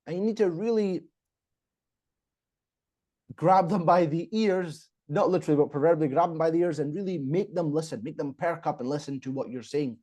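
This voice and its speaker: A man coaching on public speaking in a podcast, emphatic, pausing for effect and often repeating himself. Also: a little high, warm tone. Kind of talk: instructive podcast talk.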